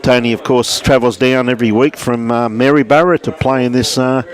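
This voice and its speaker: With a medium pitch and a fairly quick delivery, an Australian man gives relaxed live lawn bowls commentary from inside a club. He calls the action and greets viewers by name.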